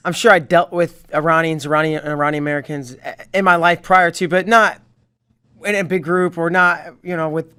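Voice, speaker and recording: A male host with a fairly high-pitched voice, talking casually in an interview. He is chatty and loose, sharing his own experience. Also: sharp tone, smooth. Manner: casual, chatty, retells stories with quoted voices.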